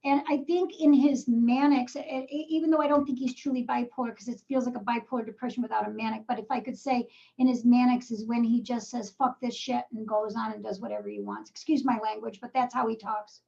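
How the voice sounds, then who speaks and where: Gravelly high-voiced woman medium. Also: steady tone, fairly quick, mellow, muffled recording. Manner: probing questions, calls the sitter darling and sweetheart. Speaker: psychic medium. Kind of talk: live reading.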